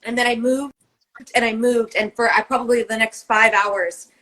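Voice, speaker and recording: High-voiced woman, rambling and emphatic. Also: fairly even intonation, normal speed, fairly bright tone, rough recording. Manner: rambling and emphatic, swears often. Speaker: co-host. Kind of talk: casual podcast chat.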